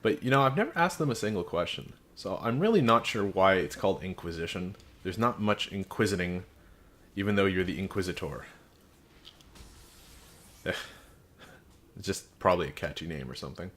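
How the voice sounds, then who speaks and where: Deep-voiced, sarcastic man reviewing a game. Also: expressive, normal speed, long pauses, fairly bright tone. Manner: frank and sarcastic, with dry jokes. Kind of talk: casual video game review.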